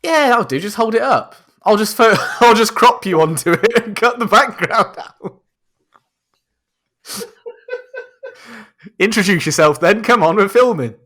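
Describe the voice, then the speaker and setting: A man's voice: high voice, expressive, a little slow, pauses often, fairly bright tone. A young man co-hosting a casual podcast over a video call, bantering and laughing a lot. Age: young adult. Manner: joking, bantering, laughs often. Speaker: podcast co-host. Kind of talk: casual chat.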